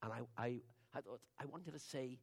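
An older man, preaching in a conversational, storytelling sermon that drops to hushed asides and rises to loud declarations. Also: medium pitch, fairly quick, vocal fry, slightly rough.

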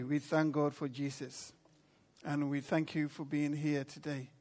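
A man's voice: on the high side, level tone, unhurried, a little mellow. A man leading a church service as pastor, calling out praise and inviting the congregation to respond. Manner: exuberant, rousing. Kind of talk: sermon, call and response.

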